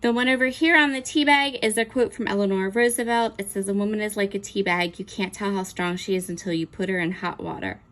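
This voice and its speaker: A woman hosting a crafting video, chatting enthusiastically as she unboxes and describes stamp sets, pausing now and then to look things over. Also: mid-range voice, fairly even intonation, fairly bright tone. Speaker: crafting channel host. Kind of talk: unboxing show-and-tell.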